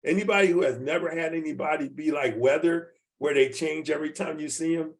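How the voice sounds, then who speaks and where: A man in his seventies runs a team training over a video call, speaking in a folksy and repetitive way and often asking whether everyone follows him. His voice sits a little high for a man. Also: a little fast. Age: 70s. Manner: folksy, repeats points, asks the audience questions.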